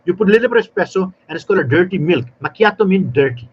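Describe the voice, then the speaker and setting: A man talking as a guest expert in a live panel, telling lively stories and explaining in non-native grammar, often acting out little exchanges. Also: high-pitched, racing, highs cut off, slight background noise. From South Africa. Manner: animated storyteller, non-native grammar, acts out dialogue. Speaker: barista trainer guest.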